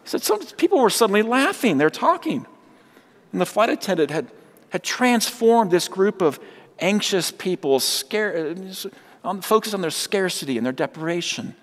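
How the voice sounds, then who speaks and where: This preacher brings his sermon's stories to life by performing each character's voice. He speaks at a moderate pace in a high voice with big pitch swings, echoing through a long hall reverb.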